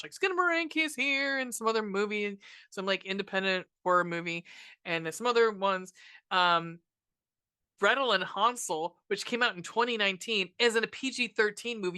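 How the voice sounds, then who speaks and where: Young woman host, sarcastic profane movie ranter, bright forceful voice. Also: medium pitch, normal speed, clean tone. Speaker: podcast host reviewing a movie. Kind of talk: casual ranting movie review.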